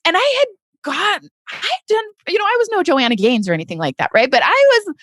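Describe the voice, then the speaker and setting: A woman's voice: extremely high pitch, huge pitch swings, fairly quick, a bit bright, no room sound, clean studio sound. A woman telling a personal story as a podcast guest, in an earnest, heartfelt way, often tagging her sentences with "right?" and talking to listeners as "you guys". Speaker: podcast guest, real estate investor.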